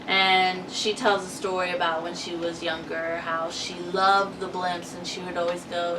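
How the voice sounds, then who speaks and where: A woman's voice: on the low side, little pitch movement, moderate pace, hardly any pauses. A woman co-hosting a casual TV recap, chatty and giggly, acting out quotes as she tells the story. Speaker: co-host of a TV recap channel. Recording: distant mic with noisy background.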